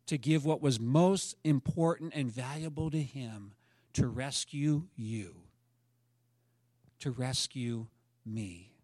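A man's voice: medium pitch, slow, dry recording. Dry, close-miked preaching man. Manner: preacherly, rising to emphatic peaks then dropping soft. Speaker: pastor. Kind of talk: sermon.

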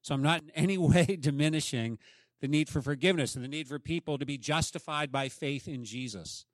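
A man's voice: fairly high pitch, a little fast, no echo, clean studio sound. A man preaching a sermon as pastor, emphatic and often asking the congregation questions.

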